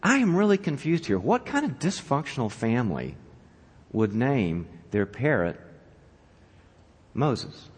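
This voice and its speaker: A man's voice: mid-range voice, huge pitch swings, slow, long pauses, slightly rough, in a large hall, heavily acted. A man voicing a baffled male burglar who asks puzzled, incredulous questions, told as part of a joke in a talk. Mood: bewildered.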